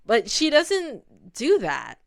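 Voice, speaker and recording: A woman's voice: high voice, huge pitch swings, takes it slowly, creaky. A young woman in casual commentary, chatting loosely with many "like" fillers and restarts. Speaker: video essay host.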